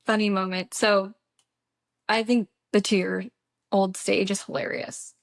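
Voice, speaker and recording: A woman's voice: mid-range voice, flat delivery, takes it slowly, creaky, no echo, studio quality. A young woman co-hosting a podcast, chatting casually and laughing as she tells stories. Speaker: podcast co-host. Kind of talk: casual chat.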